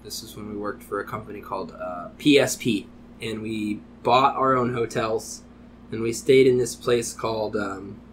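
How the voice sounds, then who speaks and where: A man's voice: on the low side, normal speed, a little hiss or hum. A man in his thirties, a podcast host telling a rambling drinking anecdote with lots of swearing and fillers. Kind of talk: casual storytelling.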